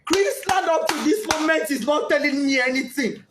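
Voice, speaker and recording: A grieving Nigerian mother with Yoruba as her first language, giving an impassioned, tearful statement and often shouting as she pleads. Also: high-pitched, normal speed, background noise. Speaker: bereaved mother. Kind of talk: emotional personal statement.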